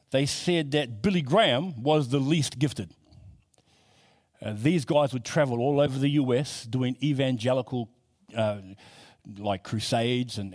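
A man preaching a sermon in a conversational way, building to emphatic repetition. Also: mid-range voice.

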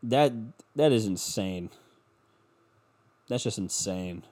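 A man's voice: on the low side, expressive, slow, darkish tone. A man hosting a solo podcast, ranting sarcastically and profanely with self-mockery into a microphone at home. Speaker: podcast host. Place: home basement. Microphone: studio microphone.

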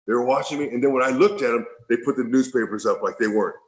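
Middle-aged guy rambling thru a heartfelt story, lots of restarts, regular pitch. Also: fast talker, low-quality recording. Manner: heartfelt, rambling, repeats himself. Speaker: former baseball player, guest. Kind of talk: emotional storytelling in an interview.

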